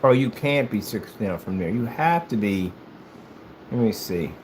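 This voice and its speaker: A man from the United States chatting casually while he plays, telling rambling, animated stories in a hyperactive way. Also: on the low side, unhurried, slight background noise. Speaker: gaming streamer. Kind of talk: casual chat while playing.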